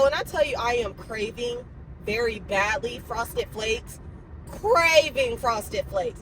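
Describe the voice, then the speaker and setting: Recorded roughly on a phone, with a little hiss or hum, this twentysomething vlogger speaks in a fairly high voice. She's out running errands and talks to her viewers directly in a chatty, expressive way.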